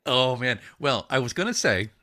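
A man from the United States hosting a podcast interview, talking in an animated, emphatic way and laughing easily. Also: mid-range voice, normal speed. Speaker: podcast host. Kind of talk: casual interview chat.

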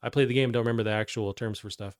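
A man's voice: medium pitch, fairly even intonation, rapid-fire, no room sound, studio quality. A man hosting a gaming news show, talking in a loose, rambling way with many fillers. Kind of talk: casual gaming news chat.

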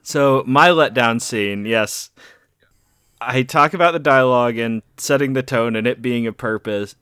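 A man's voice: mid-range voice, a little slow, pushed and bright, clear, resonant tone, no room sound, studio quality. A man co-hosting a podcast, chatting casually about a movie and laughing often as he tells stories. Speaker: podcast co-host. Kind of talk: casual chat.

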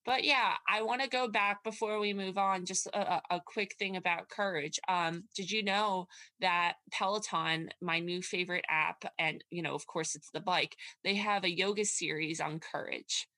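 A woman co-hosts a podcast in casual chat, wandering through her thoughts with many asides. Her voice is bright and a little low-pitched. The sound is dry and close, with no room echo. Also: steady tone, moderate pace, hardly any pauses. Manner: rambling, lots of fillers and restarts. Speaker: podcast co-host.

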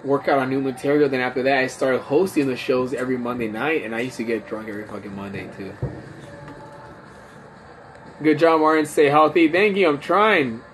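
Speaking fast with hardly any pauses, a man with a mid-range, fairly bright voice rambles and swears through a loose chat. He's a tipsy comedian and podcast host on a drunk phone livestream, with faint noise in the background.

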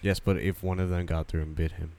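A man's voice: low voice, flat delivery, quick pace, a little mellow, smooth. A man co-hosting a podcast in casual chat, asking hesitant questions. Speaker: podcast co-host.

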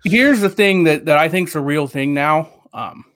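A man's voice: on the high side, moderate pace, fairly bright tone, no echo, clean studio sound. A man co-hosting a podcast in casual chat, rambling and hedging with lots of fillers. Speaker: podcast co-host.

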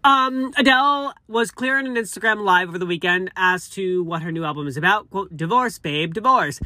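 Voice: medium pitch, a little fast, sharp tone, no room sound. A speaker in their thirties reading celebrity news aloud with chatty, gushing side comments. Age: 30s. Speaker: entertainment news vlogger.

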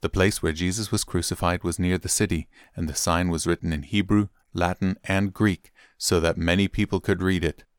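A man reading a Bible chapter aloud in steady, clear narration. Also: low-pitched, normal speed, few pauses, no echo, clean studio sound. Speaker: Bible reader. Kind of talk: scripted scripture reading.

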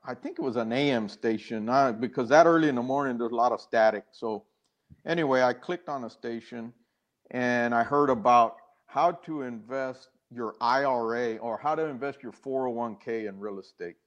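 A man's voice: mid-range voice, moderate pace, highs cut off. An older man, a guest in an interview, earnestly telling a personal story with many restarts and acted-out quoted dialogue.

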